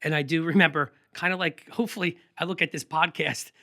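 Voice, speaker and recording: Male podcast guest, high bright voice, lively rambling storyteller. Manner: energetic, rambling, quick anecdotes with laughs. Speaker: guest photographer. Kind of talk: casual storytelling interview.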